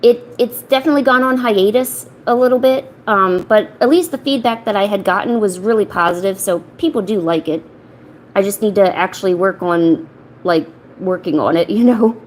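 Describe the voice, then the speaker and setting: A woman's voice: mid-range voice, normal speed, a little hiss or hum, poor audio. Rambling woman chatting while she paints. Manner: rambling, self-interrupting, soft baby talk to her cat. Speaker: art streamer. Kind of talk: casual chat while painting. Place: home, indoors.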